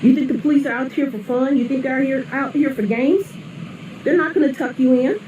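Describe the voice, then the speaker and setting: A woman's voice: high-pitched, fairly quick, mellow, muffled recording. Blunt, cursing mother ranting from afar. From St. Louis area, USA. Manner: blunt, swearing, scolding. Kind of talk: angry profane rant. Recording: echoey, distant, noisy.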